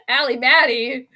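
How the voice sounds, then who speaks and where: A woman chats casually on her own livestream and reacts to comments with quick giggles. Her speech is full of fillers and easy asides. Her voice is bright and a touch high. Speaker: livestream host. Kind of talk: casual livestream chat on sports and astrology.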